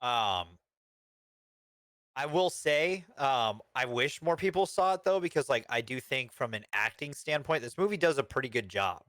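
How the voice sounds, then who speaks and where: A man with a bright, forceful voice chats casually about films as a podcast co-host. He swears freely and slips in dry jokes. The sound is dry and close, with no room in it. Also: medium pitch, animated, normal speed, no echo. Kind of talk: casual movie review chat.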